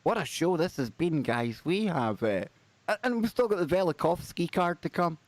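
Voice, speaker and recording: A man hosting a live stream, chatting casually and reading out viewer names with excitable, rambling asides. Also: fairly high pitch, normal speed, no echo. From United Kingdom. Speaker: livestream host.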